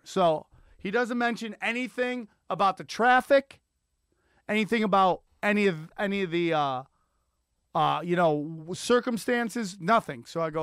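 A man's voice: high-pitched, normal speed, fairly bright tone, smooth, dry recording, studio quality. A man hosting a podcast, telling a long profane story with lots of energy, acting out sirens and the voices of people he quotes. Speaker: podcast host. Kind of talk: animated solo storytelling rant. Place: Los Angeles area.

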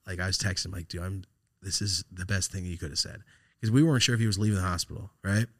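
Speaking fast in a low voice, a podcast host laughs and curses his way through a casual, lively story. It's captured as a dry, clean studio recording.

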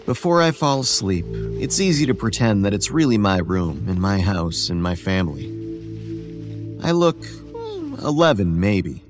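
A man narrating a horror story in the first person as a weary homeless boy who looks about eleven, speaking in a quiet, measured, tired way. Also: on the low side, huge pitch swings. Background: soft music.

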